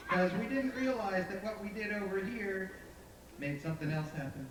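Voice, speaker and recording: A man's voice: high voice, expressive, moderate pace. A man telling a story to a live audience in a folksy, conversational way. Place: outdoor park stage. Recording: echoey live outdoor recording from far off with noise.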